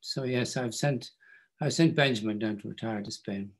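A man's voice: on the low side, moderate pace. An older man, a guest author telling stories in a wry, self-deprecating way at a bookstore interview. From Ireland.

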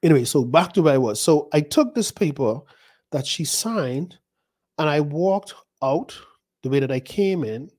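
A fairly high-pitched, expressive male voice with a darkish tone, at moderate pace, belongs to a pastor in his fifties. He preaches by recounting his own dreams in a loose, conversational style that keeps circling back with asides.

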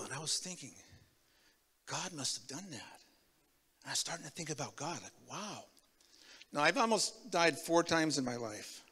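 A man from Tacoma, Washington, giving a sermon with his personal testimony, telling it in an animated way that swings from loud to hushed. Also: on the high side, big-room sound. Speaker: guest preacher. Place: church sanctuary.

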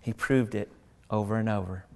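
Man preaching an animated sermon. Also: on the low side, moderate pace, creaky, smooth, big-room sound. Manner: animated, acts out mocking voices. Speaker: pastor.

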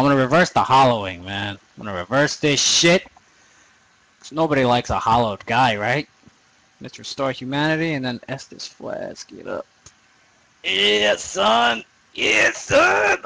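The audio is poor but echo-free as a young man with a mid-range, slightly bright voice offers casual let's play commentary. He rambles, curses often and pokes fun at himself throughout the game.

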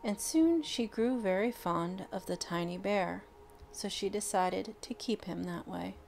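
Gravelly-voiced woman reading a storybook aloud. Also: medium pitch, slight background noise. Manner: expressive, unhurried reading with dramatic pauses.

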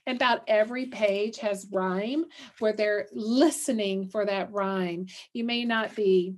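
A woman's voice: mid-range voice, fairly even intonation, unhurried. A middle-aged woman who coordinates literacy work, reading a picture book aloud with questions for listeners and then giving parents tips.

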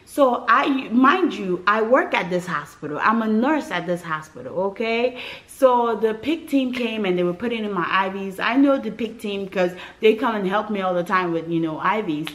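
A woman's voice: mid-range voice, normal speed, poor audio. A woman from West Africa telling her birth story to camera in a casual, dramatic way, with frequent asides to viewers. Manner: animated, dramatic retelling with acted quotes and asides to viewers.

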